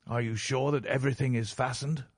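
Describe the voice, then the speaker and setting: A man's voice: medium pitch, steady tone, brisk, slightly rough, no echo, studio quality, close to an everyday voice. A man voicing a worried young woman. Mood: concerned. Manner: earnest, concerned.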